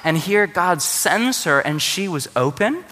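A man's voice: sits high, animated, measured pace, bright, forceful tone, big-room sound. A man preaching a sermon to his church, conversational and joking in his asides. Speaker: pastor.

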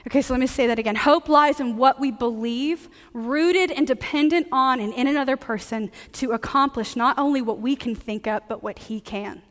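A woman pastor preaching a sermon in a relaxed, conversational way, joking with her congregation. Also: high voice, normal speed, few pauses, long reverb tail.

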